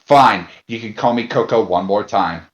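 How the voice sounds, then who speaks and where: A man playing a tabletop role-playing game, speaking in character in a halting, indignant way with many fillers. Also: lowish voice, roomy sound, a crowd in the background.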